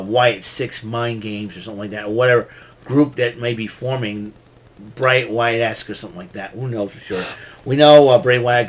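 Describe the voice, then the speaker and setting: A man's voice: mid-range voice, fairly bright tone. Give me a rambling man hosting a casual show recap. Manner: rambling, with frequent restarts and fillers. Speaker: show host. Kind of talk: casual wrestling recap monologue. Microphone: talking into a microphone.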